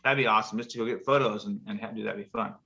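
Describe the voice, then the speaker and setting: A man's voice: fairly low pitch, steady tone, rapid-fire, vocal fry, sharp tone. A man hosting a casual video call show, reading jokes aloud in a rambling, chuckling way. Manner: chuckling, rambling joke-teller. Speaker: show host. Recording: muffled video call audio.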